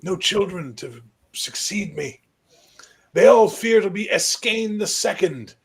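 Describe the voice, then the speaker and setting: A man voicing a very old, frail high king who is gruff, blunt and impatient. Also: expressive, slow, full character voice. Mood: grim. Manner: blunt, commanding, scolding.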